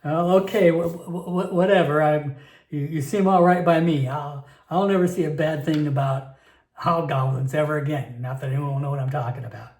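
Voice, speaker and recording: Figure: a man doing a small, jittery male halfling gambler. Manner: stammering, flustered, voice pushed higher. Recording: echoey room. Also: fairly even intonation, normal speed, darkish tone, close to an everyday voice.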